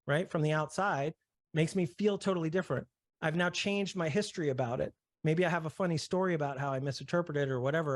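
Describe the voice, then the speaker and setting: Brief: male presenter, explanatory, higher-pitched, dry close mic, frequent check-in questions. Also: dry recording. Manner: checks in often with "right?" and "okay?", builds everyday examples. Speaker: session presenter. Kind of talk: explanatory talk to a discussion group.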